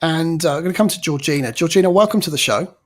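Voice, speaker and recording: Male host, playful and upbeat, lively varied pitch. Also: quick pace. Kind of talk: hosting a panel show.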